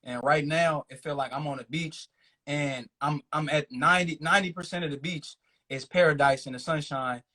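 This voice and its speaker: A man's voice: a little high, fairly even intonation, normal speed, sharp tone. A laid-back man, a rapper guest chatting casually in an interview, laughing often and talking in loose run-on thoughts.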